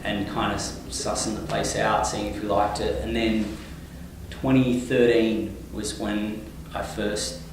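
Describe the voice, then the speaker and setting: A man with an Australian accent, a touring singer-songwriter, chatting in a relaxed, rambling way with many fillers. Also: lowish voice, slow, creaky, slight background noise. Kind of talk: casual interview. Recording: echoey room, mic at a distance.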